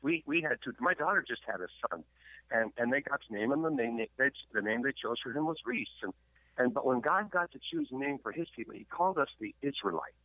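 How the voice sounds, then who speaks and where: A man's voice: mid-range voice, lively intonation, fast talker, dry recording. A man with a Canadian accent, a guest pastor and historian, telling stories in a sermon-like way with stammered repeats. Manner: stammering repeats, preachy emphasis. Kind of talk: radio interview, sermon-like storytelling. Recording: tinny phone line, dry.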